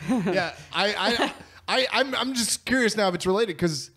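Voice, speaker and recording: A man's voice: sits high, moderate pace, bright, forceful tone, slightly rough. A man hosting a casual interview podcast, joking and poking fun at himself. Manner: joking, self-deprecating. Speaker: podcast host.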